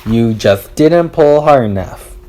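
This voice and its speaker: A man's voice: mid-range voice, lively intonation, takes it slowly, darkish tone. A man voicing a pushy talking pigtail in a children's story, wheedling and persuasive. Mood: coaxing.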